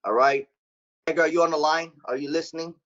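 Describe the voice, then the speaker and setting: A sales manager runs a team meeting over a call, blunt and casual, swearing now and then. His voice is a little high with fairly even intonation and a fast pace, and the dull lo-fi call audio carries background noise.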